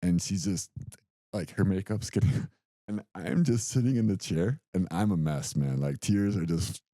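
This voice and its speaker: A young adult man on a podcast he co-hosts spins a lively story, voicing the quotes himself. He speaks in a low voice at a moderate pace. There's no echo.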